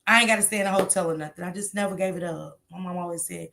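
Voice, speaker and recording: A woman hosting a casual livestream, chatting loosely with her viewers and reading their comments out loud. She talks in a slangy, salty way, swears freely and laughs often. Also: fairly low pitch, rapid-fire, creaky, few pauses, heavy background noise. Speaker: livestream host.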